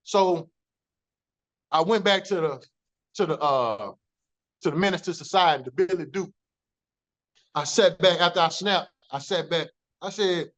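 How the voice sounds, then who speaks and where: A man's voice: high-pitched, normal speed, long pauses, fairly bright tone. Man telling his story, profane and emphatic. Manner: profane, emphatic, acts out quoted dialogue. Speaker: former corrections officer telling his story. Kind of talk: animated storytelling in an interview.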